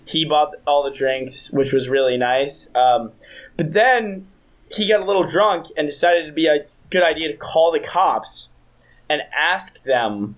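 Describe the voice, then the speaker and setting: A man's voice: a little high, a little slow. A young man in his twenties co-hosting a podcast, telling a rambling, profane story in casual chat. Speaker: podcast co-host.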